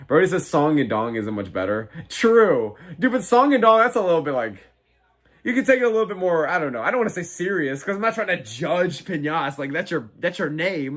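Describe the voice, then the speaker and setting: Excitable young guy calling fights live. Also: fairly high pitch, fairly quick. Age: 20s. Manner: excitable, profane, reads chat aloud. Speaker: live stream host. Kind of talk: casual fight watch-along commentary.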